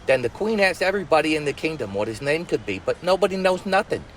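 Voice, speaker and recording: Streetwise storyteller uncle, lively pitch, slangy comic fairy-tale retelling, faint city traffic behind. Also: male voice, poor audio. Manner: streetwise slang, rushed and wisecracking.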